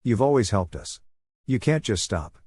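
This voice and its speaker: A man's voice: fairly low pitch, lively intonation, moderate pace, darkish tone, husky, no echo. A man voicing a smug adult brother who sneers and snaps, recorded close and dry. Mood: sneering. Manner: sneering, snappish.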